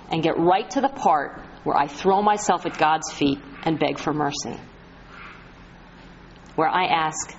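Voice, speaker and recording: A woman's voice: fairly low pitch, slight background noise. A woman acting as a spiritual medium, giving an inspirational talk as earnest storytelling and leaning hard on key phrases. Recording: slightly muffled lo-fi recording.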